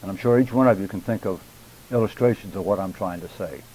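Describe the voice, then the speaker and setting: An older man teaching a church public speaking class, deliberate and emphatic, addressing his students directly. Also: low voice, darkish tone, poor audio.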